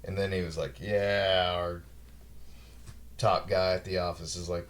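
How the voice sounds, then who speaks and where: A podcast host in his forties with a very deep, low voice. He rambles through casual office stories and swears now and then. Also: measured pace, long pauses, slight background noise. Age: 40s. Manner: relaxed, rambling anecdotes with mild swearing. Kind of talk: casual chat.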